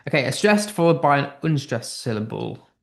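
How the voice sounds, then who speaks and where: A man's voice: mid-range voice, very animated, a little fast. A man with a British accent teaching an online English class, upbeat and thinking aloud as he reads out quiz answers. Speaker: English tutor.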